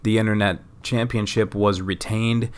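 The solo podcast host has a smooth, lowish voice with a level tone and moderate pace. He narrates a wrestling sim game casually, rambling with fillers, cursing and poking fun at himself.

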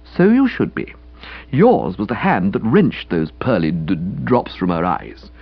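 A man voicing a breezy, self-assured young gentleman who teases with mock-solemn pronouncements in an audiobook reading. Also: lowish voice, wildly swooping pitch, unhurried, no echo, lo-fi sound, faint music behind, voice pushed down, heavily acted. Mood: mock-reproachful. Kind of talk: audiobook character voice.

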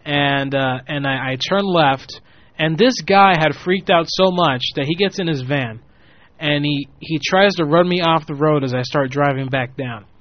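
A young man tells a long, loose story on a show, cursing freely and switching into the voices of the people in it. His voice sits a little high, with no room echo, and the recording sounds dull and lo-fi. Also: measured pace. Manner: rambling, profane, animated quoting of people. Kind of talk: casual storytelling. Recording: muffled lo-fi audio.

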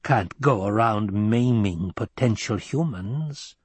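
A man voicing a stern old woman who leads a secretive sisterhood, speaking in a slow, measured, commanding way with a husky tone. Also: lowish voice, no room sound. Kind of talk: audiobook character voice.

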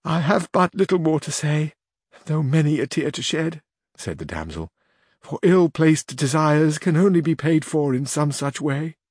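A man's voice: fairly high pitch, animated, unhurried, a little mellow, slightly rough, no echo, clean studio sound, pitched above the performer's own voice. A man doing a tearful, pleading young noblewoman. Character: weeping young noblewoman in disguise, shy.

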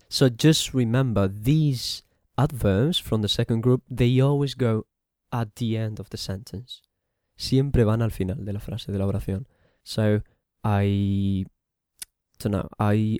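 Male English teacher, mellow. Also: medium pitch, clear, resonant tone, no room sound, studio quality. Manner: switches between English and Spanish, repeats phrases slowly. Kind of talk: bilingual language lesson.

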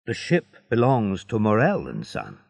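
A man voicing a polite, eager young seaman in a slow storybook reading. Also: lowish voice, wildly swooping pitch, creaky, a little mellow, no echo, highs cut off, heavily acted. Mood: earnest.

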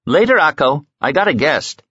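A man's voice: medium pitch, very animated, moderate pace, fairly bright tone, slightly rough, no echo, voice pushed up. A man voicing an eager, friendly man who is leading a guest around, in an audiobook. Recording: slightly muffled dry audiobook recording.

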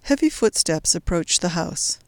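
Audiobook narrator, woman, low voice, measured, close and dry. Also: expressive, no room sound. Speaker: audiobook reader. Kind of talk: scripted narration.

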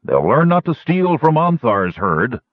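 A man's voice: medium pitch, very animated, a little slow, no room sound, pitched above the performer's own voice. A man voicing a ruthless, grumbling male herder, on a dull lo-fi recording. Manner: harsh, grumbling.

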